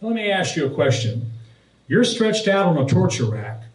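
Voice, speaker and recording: A pastor preaching, telling a personal story and then reading and explaining scripture verses. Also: male voice, sits high, sing-song, normal speed. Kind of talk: sermon. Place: church sanctuary. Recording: roomy, distant from the mic.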